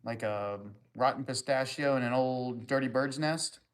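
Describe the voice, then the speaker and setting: This livestream host, a man with a mid-pitched voice, loosely banters with viewers and reads their comments as they arrive. He drifts from one crude joke to the next, answering people like friends hanging out. He talks at a normal speed, and his tone is clear and resonant.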